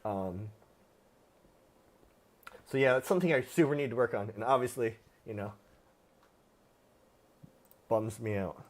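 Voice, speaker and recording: A man's voice: mid-range voice, unhurried, long pauses. A man hosting a live stream, answering viewer questions about dogs in a plain-spoken, casual way with frequent fillers. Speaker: livestream host, dog trainer.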